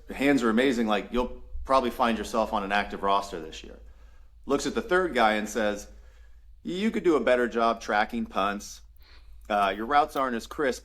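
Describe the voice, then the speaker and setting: A man in his thirties, a former football player and podcast guest, telling stories casually with lots of laughter and acted-out dialogue. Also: mid-range voice. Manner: animated storyteller, acts out quoted dialogue, laughs often. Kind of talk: casual storytelling interview.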